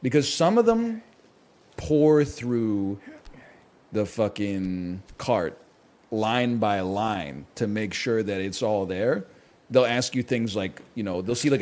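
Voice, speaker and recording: A man streaming a game, telling stories in a casual, rambling way, animated and profane, with wry asides and acted-out quotes. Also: fairly low pitch. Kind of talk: casual rambling storytelling while gaming.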